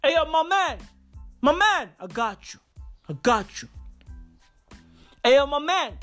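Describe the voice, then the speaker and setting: A man's voice: very high voice, sing-song, measured pace, fairly bright tone, faint music behind, pitched above the performer's own voice, exaggerated voice. A man voicing an eager street hustler, offering to get anything in a pushy, repetitive sales patter.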